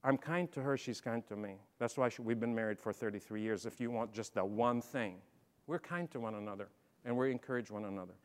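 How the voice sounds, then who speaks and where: A middle-aged man giving a motivational leadership talk, telling stories and swinging from quiet asides to loud, emphatic bursts. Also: mid-range voice, fairly quick. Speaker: speaker. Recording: long hall reverb.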